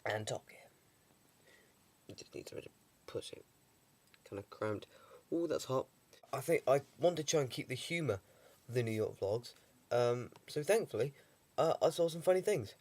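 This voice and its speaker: A man's voice: mid-range voice, animated, normal speed, a little mellow. A young man with a heavy cold, talking through a casual video diary with dry, rambling humour and lots of ums. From England. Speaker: vlogger.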